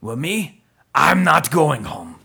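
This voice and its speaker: A man voicing a gruff male army colonel who gives a rallying speech, building to a roar. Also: a little high, sing-song, a little slow, bright, forceful tone, heavily acted.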